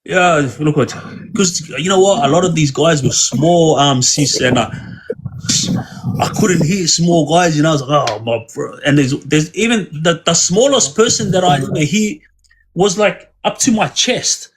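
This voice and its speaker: A man's voice: a little high, moderate pace, background noise. A man casually telling long prison stories, rambling and acting out quoted dialogue. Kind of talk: casual storytelling.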